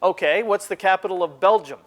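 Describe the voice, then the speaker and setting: A man's voice: sits high, fairly quick, fairly bright tone. A man hosting a comedy video, with dry, jokey delivery. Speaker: host.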